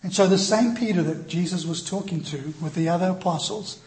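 A male pastor preaching a sermon, telling a personal story in an animated, self-deprecating way and acting out the voices in it. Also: high voice, a little fast. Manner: animated, self-deprecating, acts out quoted dialogue. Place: church.

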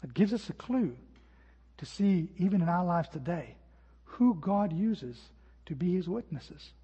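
Husky pastor guy preaching in a big echoey hall, muffled sound, goes quiet and intense on the big points. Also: sits high, animated, measured pace. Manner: storytelling, voice drops to a hush at key points. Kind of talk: sermon. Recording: dull sound with long hall reverb.

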